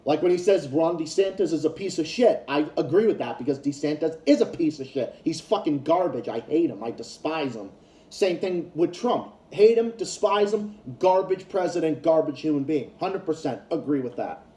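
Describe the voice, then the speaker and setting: A man's voice: fairly high pitch, expressive, normal speed, dark tone. Profane ranting man in an echoey room. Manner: profane, heated ranting with repeated restarts. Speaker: YouTube commentator. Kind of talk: ranting commentary vlog.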